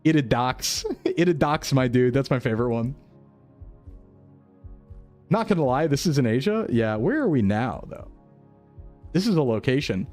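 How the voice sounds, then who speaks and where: A VTuber chats casually with his viewers while playing a geography game, joking and laughing often over faint background music. The young man's mid-range voice is mellow and sing-song, moving at a moderate pace with long pauses.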